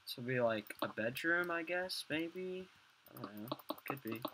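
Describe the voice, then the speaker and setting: A man's voice: mid-range voice, animated, unhurried. A young man swearing and muttering to himself as he builds in a game, rambling casual commentary. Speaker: gamer. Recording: loud background noise, mouse clicks.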